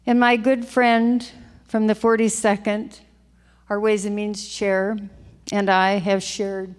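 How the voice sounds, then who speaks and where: A woman's voice: mid-range voice, level tone, takes it slowly, clear, resonant tone. Older woman, legislator, floor speech, emotional, heartfelt, repeats phrases, long hall reverb. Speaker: state legislator. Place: legislative chamber.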